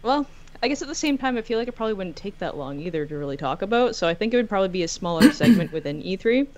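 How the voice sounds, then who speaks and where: A woman's voice: medium pitch, animated, racing, darkish tone, slight background noise. A woman with a Canadian accent, a guest on a podcast, chatting casually, hedging her views and joking.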